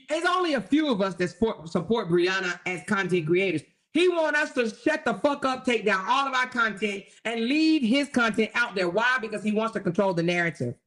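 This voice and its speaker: Brief: woman livestream host, bright and forceful, profane and emphatic. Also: fairly high pitch. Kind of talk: livestream commentary.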